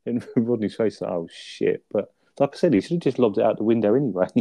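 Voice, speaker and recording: Bloke chatting about a tv episode, warm low voice, laughs a lot, dry sound. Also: male voice, quick pace, no echo. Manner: laughs often, acts out quoted lines in a raised voice. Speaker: podcast co-host. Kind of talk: casual chat reviewing a sitcom episode.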